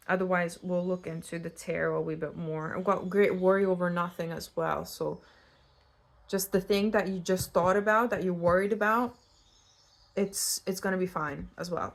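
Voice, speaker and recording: A young woman from Eastern Europe giving a casual pick-a-card tarot reading, chatty and animated and prone to tangents. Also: lowish voice, normal speed, vocal fry. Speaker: tarot reader.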